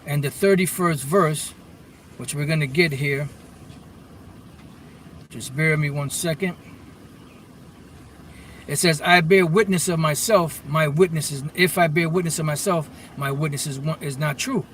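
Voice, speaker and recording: A man's voice: on the high side, measured pace, long pauses, a bit bright. A man giving an informal scripture lesson, reading verses aloud and then explaining what the words mean, often restarting his sentences. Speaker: bible teacher. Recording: distant mic with faint vehicle noise.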